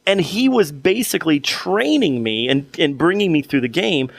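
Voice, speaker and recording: A man's voice: fairly high pitch, lively intonation, moderate pace, gravelly, husky, no echo. Man, young adult, podcast co-host, casual rambling chat, many restarts, dry close sound.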